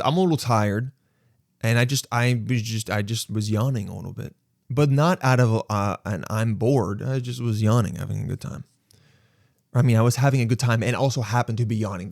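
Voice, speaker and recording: Guy from LA podcasting solo, chatty storytelling, dry close sound, voice jumps way up when he quotes people. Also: no echo. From Los Angeles. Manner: animated, acts out quotes with sudden high jumps. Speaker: podcast host. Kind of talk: casual storytelling monologue.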